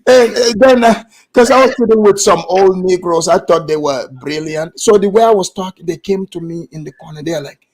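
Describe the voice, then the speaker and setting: A man from Gambia with a Gambian accent, telling an animated story in casual chat and acting out the voices of others. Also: high voice, normal speed. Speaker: guest storyteller.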